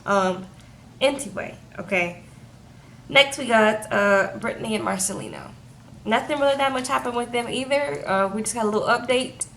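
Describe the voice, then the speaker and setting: A woman's voice: a little high, animated, moderate pace, fairly bright tone, a little hiss or hum. A young woman casually recapping a reality TV episode, chatting loosely and often asking "okay?". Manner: chatty, frequent "okay?" and "like" fillers. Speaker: TV show reviewer.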